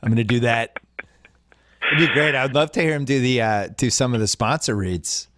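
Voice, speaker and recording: A man talking sports in a casual podcast chat. He riffs and jokes easily, with an average pitch. The sound is dry and close, with no room behind him. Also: a bit bright, dry recording. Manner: chatty, quick jokes and voice bits. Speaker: podcast host.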